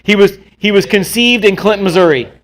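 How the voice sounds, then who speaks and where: A man hosting a casual talk show, telling jokey stories with quick asides. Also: sits high, a bit bright. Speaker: podcast host. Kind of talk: casual chat.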